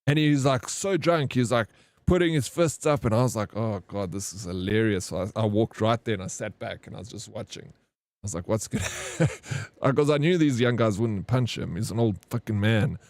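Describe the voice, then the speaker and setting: A man's voice: fairly low pitch, normal speed, darkish tone, no echo. A man, chatting casually with viewers on a live stream and rambling through stories full of slang. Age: 30s. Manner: rambling storyteller, slangy, says "bro" often.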